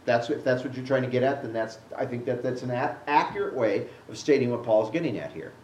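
A man preaching a Bible-teaching sermon and answering a question from the congregation, animated, acting out the scripture he quotes. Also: mid-range voice, fairly quick, a little hiss or hum. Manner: animated, acts out quotes with rising voice. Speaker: pastor. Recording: echoey room, mic at a distance.

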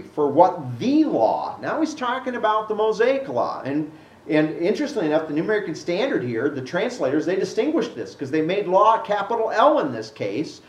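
A man preaching a Bible-teaching sermon and answering a question from the congregation, animated, acting out the scripture he quotes. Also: a little high. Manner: animated, acts out quotes with rising voice. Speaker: pastor. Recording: echoey room, mic at a distance.

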